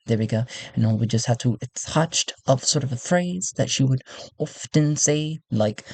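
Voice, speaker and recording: A man's voice: medium pitch, very animated, moderate pace, gravelly, darkish tone, dry recording. A man narrating a solo tabletop role-play game in a casual way, thinking aloud with restarts and laughter.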